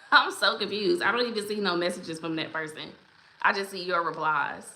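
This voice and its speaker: A woman's voice: on the low side, moderate pace, bright, forceful tone, a little hiss or hum. A woman hosting a casual livestream, chatty and encouraging as she greets viewers by name. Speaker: livestream host. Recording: roomy echo.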